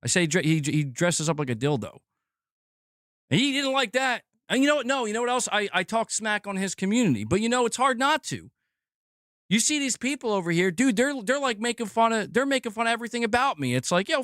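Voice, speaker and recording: A young adult man streaming about games, venting in a profane, animated way and acting out mock quotes of his critics. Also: sits high, no room sound, clean studio sound. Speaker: gaming streamer. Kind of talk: casual livestream rant.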